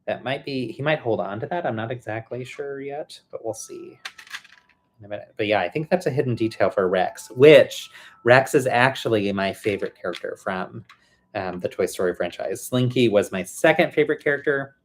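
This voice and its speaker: A man hosting a casual livestream from home, chatting and thinking out loud as he builds and answers viewers. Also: medium pitch, lively intonation, moderate pace. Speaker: livestream host building toy sets. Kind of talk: casual live chat while building.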